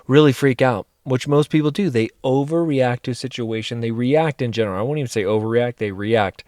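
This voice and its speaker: A man's voice: on the low side, brisk, darkish tone, no echo, studio quality. A man coaching his listeners in a motivational monologue, speaking directly and earnestly and repeating phrases for emphasis. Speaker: life coach and mentor.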